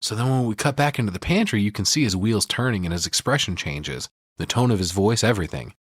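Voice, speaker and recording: Male podcast host, lowish pitch, dry close sound, swears freely, walks through scenes in detail. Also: animated, fast, husky, no echo. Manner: profane, retells scenes with mimicked lines. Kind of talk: casual film breakdown chat.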